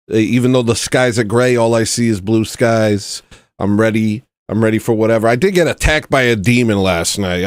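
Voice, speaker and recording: A man's voice: on the low side, dry recording, clean studio sound. A man hosting a casual livestream chat, rambling and joking at his own expense. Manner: rambling, joking, self-mocking. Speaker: livestream host.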